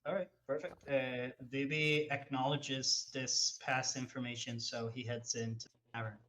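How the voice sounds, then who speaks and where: Slow-talking man playing a tabletop game. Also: medium pitch, little pitch movement, bright, forceful tone, low-quality recording. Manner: slow, switching between English and Spanish. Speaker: player.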